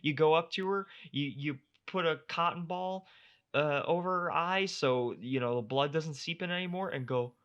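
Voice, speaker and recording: A man's voice: fairly high pitch, normal speed, highs cut off. A young man co-hosting a casual podcast, ranting in exasperation and swearing freely. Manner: animated, exasperated ranting with profanity. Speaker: podcast co-host. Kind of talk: casual chat.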